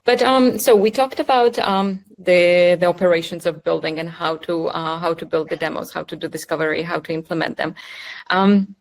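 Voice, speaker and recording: A woman's voice: on the low side, moderate pace, low-quality recording. A woman hosting a podcast interview, asking questions thoughtfully and a bit hesitantly. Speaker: podcast host.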